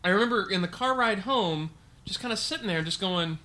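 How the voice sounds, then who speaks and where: A man co-hosting a casual chat about old toys and movies, nostalgic and quick to agree. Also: sits high, animated, pushed and bright. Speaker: podcast co-host.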